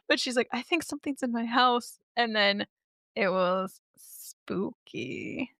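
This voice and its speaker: A woman's voice: fairly high pitch, expressive, slow, a bit bright, no room sound, clean studio sound. A woman co-hosting a spooky podcast, bubbly and reactive, laughing often. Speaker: podcast co-host. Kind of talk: casual chat.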